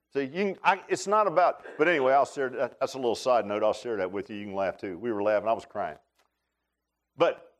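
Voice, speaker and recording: A male pastor preaching a sermon in a church, folksy and animated, dropping into low asides and rising to high shouts while talking straight to the congregation.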